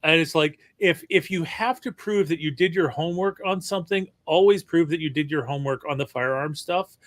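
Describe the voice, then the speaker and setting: Halting man talking about his writing. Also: fairly high pitch, a bit bright, no room sound. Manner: halting, repeats words, chuckles. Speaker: stream co-host, writer. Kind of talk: casual chat on a live stream.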